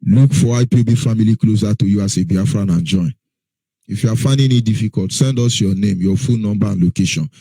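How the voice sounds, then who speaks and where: A man's voice: lowish voice, a little fast, gravelly, dark tone, breathy edge, no room sound. A man presenting on radio, driving his points home with repeated rhetorical questions that he answers himself. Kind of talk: impassioned radio talk.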